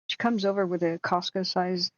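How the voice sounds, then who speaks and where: Woman host of a home live stream, slightly sore voice, talky and emphatic, low pitch, muffled lo-fi mic. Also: fairly even intonation, moderate pace, no room sound. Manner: chatty, emphatic, repeats words when starting sentences. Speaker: wildfire-tracking live streamer. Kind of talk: casual live-stream chat. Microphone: home streaming setup.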